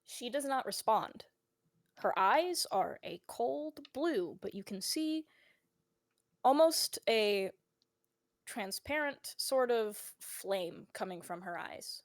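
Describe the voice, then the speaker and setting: A woman's voice: a little high, animated, slow pace, no echo, studio quality. A woman narrating a tabletop role-playing game as game master. She talks casually, swears, and fills her lines with "like" and "you know". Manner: casual and swearing, with lots of fillers.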